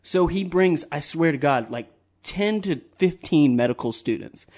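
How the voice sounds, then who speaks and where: A man's voice: on the high side, lively intonation, a little slow, darkish tone. A man co-hosting a comedy podcast, telling a personal story in casual chat and laughing often. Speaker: podcast co-host.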